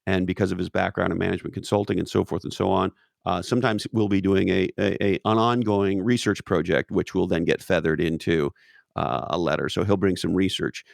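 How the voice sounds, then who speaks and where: Gravelly low-voiced man, emphatic and profane. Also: fairly even intonation, fairly quick, no room sound, clean studio sound. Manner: profane, repetitive restarts, emphatic. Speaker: guest. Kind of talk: casual interview talk.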